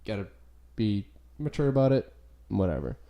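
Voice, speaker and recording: A man's voice: fairly low pitch, big pitch swings, normal speed, vocal fry, highs cut off. A young man, hosting a podcast and rambling through casual stories with lots of swearing and "like" fillers. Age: young adult. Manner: rambling, profane, full of "like" fillers. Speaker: podcast host. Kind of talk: casual chat.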